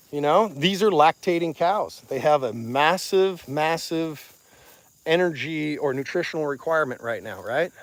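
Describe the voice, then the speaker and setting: A man's voice: a little high, no echo. A man with a Missouri accent, a rancher talking plainly and chattily with viewers in an outdoor phone livestream from his pasture. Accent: Missouri Ozarks. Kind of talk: casual outdoor livestream talk. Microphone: phone on a selfie stick.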